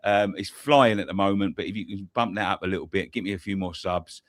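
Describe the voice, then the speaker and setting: Chatty guy with a low voice plugging his channel, dry close audio. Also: brisk, a bit bright, no echo. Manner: chatty, swears, self-promoting. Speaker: co-host and channel owner. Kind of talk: casual chat.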